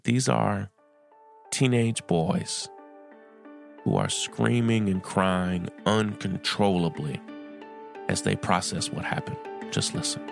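A middle-aged man hosting a solo news commentary podcast, speaking earnestly and urgently with pauses and restarts. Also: lowish voice, vocal fry, over music. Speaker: podcast host.

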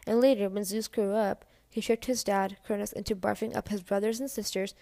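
A woman's voice: mid-range voice, fairly even intonation, fairly quick, warm tone, no room sound. A woman reading a novel aloud in a casual, first-person storytelling way. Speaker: audiobook reader.

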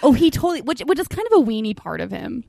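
Young woman podcast cohost gushing about a show, kinda high voice, dry close mic. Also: sing-song, fast, gravelly, mellow, no echo. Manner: gushing, laughs often, acts out scenes. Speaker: podcast co-host. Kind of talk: casual chat.

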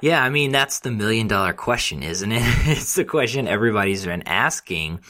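A man's voice: on the low side, animated, moderate pace, sharp tone. A man co-hosting a film podcast, speaking in a thoughtful, hesitant way, with sighs. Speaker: podcast co-host. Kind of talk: casual podcast conversation.

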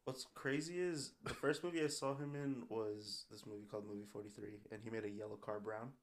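A man's voice: fairly low pitch, fairly even intonation, brisk. A man co-hosting a podcast, laid-back and casual, with dry one-liners. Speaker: podcast co-host. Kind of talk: casual chat.

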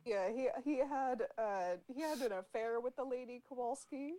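A woman's voice: on the high side, moderate pace, dark tone, poor audio. A woman hosting a casual chat, explaining each topic to the group. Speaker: host.

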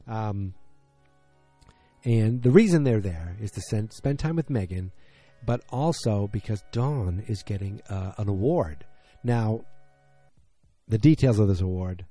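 A fairly low-pitched, mellow male voice at a moderate pace, with faint music in the background. He's a Midwestern-accented man from middle America recapping a TV drama, rambling with lots of fillers and acting out what the characters said.

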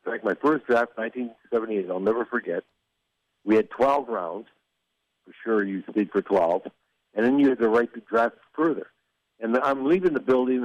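A man's voice: mid-range voice, darkish tone, no echo. An older man, a former hockey executive, telling stories in a rambling way with restarts and chuckles. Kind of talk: casual storytelling interview. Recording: dull lo-fi dry sound.

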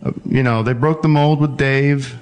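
A man hosting a comedic call-in show, deadpan and mock-pompous with callers. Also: mid-range voice, moderate pace. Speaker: host.

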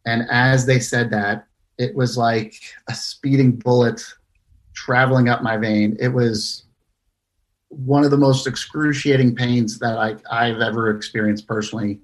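A young man tells his own near-death story, his voice held in a narrow, flat range. He pauses often and restarts his sentences as he speaks with earnest care. His pitch sits in an ordinary middle register. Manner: halting, many fillers and restarts, earnest. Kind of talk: personal story told in casual talk.

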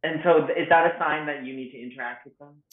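A man's voice: a little high, quick pace. A man from Canada, a guest comedian, chatting casually and animatedly, acting out quoted voices and swearing freely. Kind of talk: casual podcast chat. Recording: tinny phone-like sound in an echoey room.

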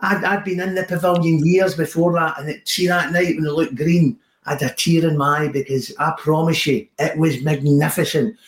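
A man's voice: a little high, steady tone, moderate pace, few pauses, voice pushed up, lightly acted. A Scottish man voicing a sentimental old male football fan who gushes and repeats himself. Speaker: comedian doing his stage character. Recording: roomy echo.

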